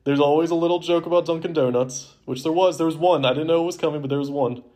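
A man's voice: on the high side, steady tone, quick pace, mellow. A young man co-hosting a movie podcast in casual chat, rambling and filling his sentences with "like". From Baltimore area, US. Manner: rambling, heavy use of "like". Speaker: podcast co-host.

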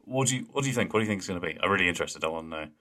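A man co-hosting a podcast in casual chat, animated and quick to laugh as he gushes over a favourite scene. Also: low voice. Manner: animated, laughs easily, does mocking impressions of deadpan lines. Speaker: podcast co-host.

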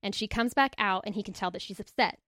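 Animated woman retelling a story. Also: mid-range voice, quick pace, dry recording, clean studio sound. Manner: animated storyteller, acts out quotes. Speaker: podcast co-host presenting a book. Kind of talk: casual chat, retelling a story.

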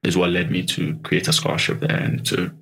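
A man from Ghana tells his story to an interviewer, low-pitched yet bright and forceful in tone, with a husky edge. He is animated, acting out voices and laughing often as he goes. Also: a little fast. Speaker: guest.

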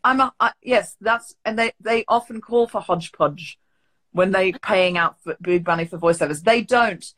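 A woman's voice: mid-range voice, moderate pace, fairly bright tone. A woman with an accent between British and Australian, hosting a casual interview over a video call, chatty and teasing. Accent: mix of British and Australian. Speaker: podcast host.

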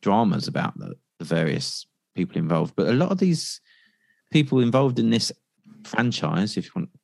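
A man's voice: on the low side, sing-song, moderate pace, vocal fry, darkish tone, no room sound, studio quality. A man co-hosting a podcast, chatting casually with a playful manner. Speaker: podcast co-host.

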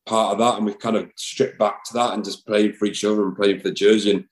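A man's voice: lowish voice, level tone, quick pace, low-quality recording. A man, a rugby player chatting casually in an interview, rambling with lots of fillers and restarts. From England.

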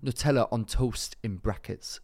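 A man's voice: medium pitch, moderate pace, a little mellow, dry recording, lightly acted. A man doing an attempted London roadman accent while reading out a listener's letter, slangy and casually swearing. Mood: hamming it up. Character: young male London roadman, slangy and brash.

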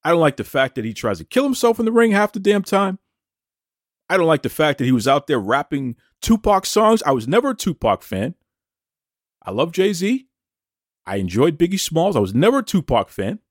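Brash man ranting, lively pitch. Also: normal speed, dry recording, studio quality. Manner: brash, mocking, taunts in direct address. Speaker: wrestling podcast host. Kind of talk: opinionated rant.

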